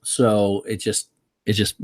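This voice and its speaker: A man's voice: on the low side, monotone, slow pace, no room sound. A man co-hosting a casual late-night live stream, telling rambling stories with bits of laughter. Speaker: podcast co-host.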